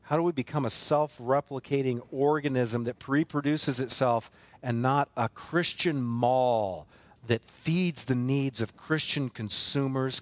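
A man preaching a sermon as pastor, emphatic and repetitive, with many rhetorical questions. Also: medium pitch.

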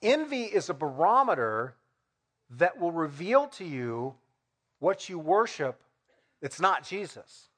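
A man's voice: a little high, very animated, slow, a bit bright, slightly rough. A middle-aged man preaching a sermon in a conversational way, asking rhetorical questions and acting out everyday examples. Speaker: pastor.

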